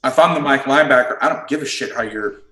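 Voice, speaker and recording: Blunt, plain-spoken football coach, roomy sound. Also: male voice, medium pitch, fast, a bit bright. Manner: blunt, swears freely, explains plays in detail. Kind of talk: casual podcast chat. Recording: roomy echo.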